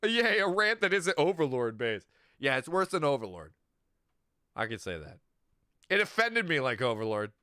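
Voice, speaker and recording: A man's voice: fairly high pitch, big pitch swings, normal speed, pauses often, pushed and bright, no echo, clean studio sound. A man streaming, ranting animatedly and profanely about a video game. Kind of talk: ranting livestream commentary.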